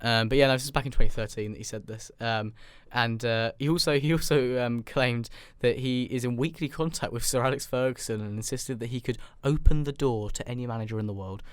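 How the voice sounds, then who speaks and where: Podcast co-host, man, casual football chat, joking and rambling, smooth voice, dry sound. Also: mid-range voice, fairly quick, hardly any pauses, no echo. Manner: joking, rambling, with many fillers.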